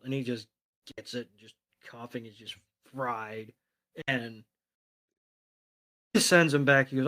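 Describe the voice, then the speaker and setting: A man's voice: mid-range voice, steady tone, slow, long pauses, a bit bright. A man co-hosting a podcast, loosely retelling an episode with fillers and casual swearing. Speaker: podcast co-host.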